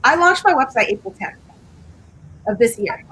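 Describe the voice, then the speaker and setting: A woman, a small business owner, chatting as a guest in a relaxed, laid-back way. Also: high voice, normal speed, slight background noise, rough recording. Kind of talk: casual interview chat.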